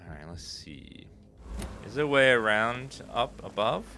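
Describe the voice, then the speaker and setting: A man's voice: mid-range voice, very animated, measured pace, sharp tone, slight background noise. A man casually commenting while playing a video game, making offhand remarks about its mechanics into a desk microphone. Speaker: gaming YouTuber. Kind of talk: let's play commentary.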